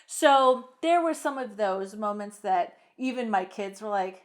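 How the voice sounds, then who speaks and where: A middle-aged woman co-hosting a podcast in casual chat, lively and quick to act out lines in voices. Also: medium pitch. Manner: animated, acts out lines from the film in voices. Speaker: podcast co-host.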